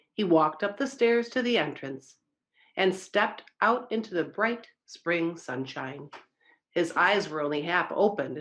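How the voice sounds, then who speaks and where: A woman reading a children's story aloud at a church service, expressive and engaging her listeners. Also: medium pitch.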